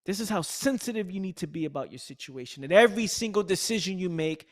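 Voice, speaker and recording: A man giving an intense, emphatic motivational monologue to camera, repeating phrases and calling the listener "fam", swinging between low murmurs and loud bursts. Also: expressive, quick pace. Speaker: motivational coach.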